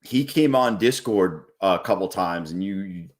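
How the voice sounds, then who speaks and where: A man streams his day trading live, talking viewers through chart moves bluntly and casually and swearing freely when a trade goes wrong. His voice sits low with lively intonation and a somewhat slow delivery.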